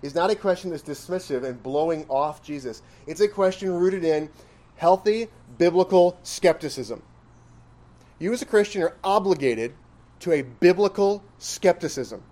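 A man's voice: sits high, normal speed, a little mellow. A man preaching an expository sermon in a conversational style, questioning his listeners and pressing points with emphatic rises. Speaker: pastor.

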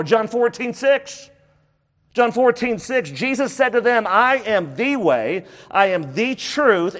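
A man's voice: high voice, in a large hall. A man preaching a sermon, emphatic and full of rhetorical questions, repeating phrases for stress.

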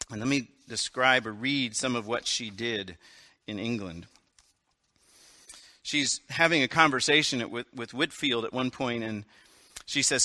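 A man's voice: mid-range voice, measured pace, pauses often, pushed and bright, dry recording. A man preaching a sermon from the pulpit, reading a story aloud with casual, self-correcting asides. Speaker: pastor.

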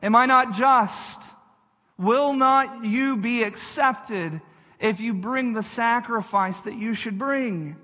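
A patient, fatherly deity asking searching questions, gently insistent, as a preacher speaks for him. The delivery is slow and bright, and it rings out in a reverberant hall. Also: extremely high pitch, exaggerated voice.

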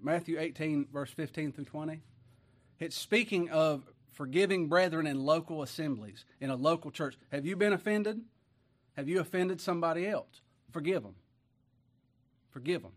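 A man with a drawl delivers a sermon in an easygoing, folksy manner. He keeps turning to his listeners with quick rhetorical questions, and his voice sits a little high for a man. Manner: folksy, asks the congregation many rhetorical questions. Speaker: preacher.

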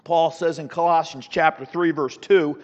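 High-voiced man teaching Bible class. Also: normal speed. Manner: animated, repetitive restarts, rhetorical questions. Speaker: Sunday school teacher. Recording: dull lo-fi sound with long hall reverb.

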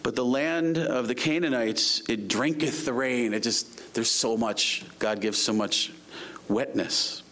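A man preaching a sermon, reading scripture slowly and rising to emphatic urging. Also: mid-range voice, sharp tone. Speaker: pastor.

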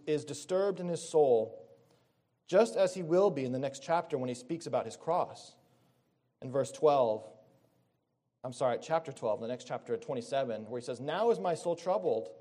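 In an earnest sermon, a man with a medium-pitched, dark-toned voice reads scripture aloud. He corrects himself as he goes, rephrasing in the middle of sentences.

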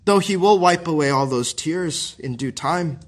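Earnest male preacher, fairly high voice, pastoral sermon, many rhetorical questions. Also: unhurried.

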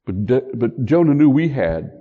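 An older man preaching a sermon, telling the story in an animated way and joking with the congregation. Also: medium pitch, normal speed, narrow, tinny audio. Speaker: pastor. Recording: long hall reverb.

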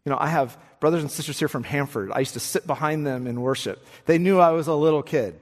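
Male pastor preaching, kinda high voice, repeats himself for emphasis, long echo like a big church. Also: fast talker. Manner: emphatic preaching, repeats words when pressing a point. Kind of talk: sermon. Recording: long hall reverb.

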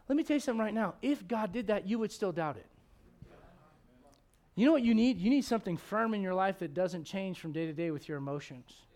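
A man with a notably high voice preaches a sermon, pressing his points with emphatic rhetorical questions. He speaks as a pastor addressing his congregation. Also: expressive, fairly quick, a little mellow. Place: church service before a congregation.

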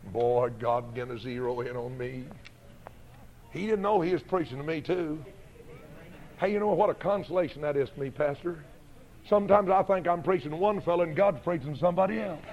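A man preaches his own conversion story as a sermon testimony. He talks in emphatic, repeated beats that build toward fervent peaks, his voice sitting a little high for a man. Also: a little fast, dull audio. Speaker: song leader and preacher giving testimony.

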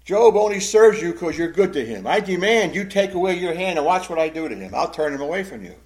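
A man's voice: sits high, sing-song, fairly quick, a little mellow, voice pushed up, low-quality recording. A man voicing Satan as an arrogant, demanding spirit, while quoting him in a Bible talk. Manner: insistent, demanding.

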